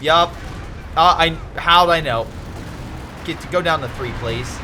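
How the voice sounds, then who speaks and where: A man casually commentating a strategy game replay, animated and excitable, joking and swearing at the screen. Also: on the high side, a little slow, pauses often, background noise.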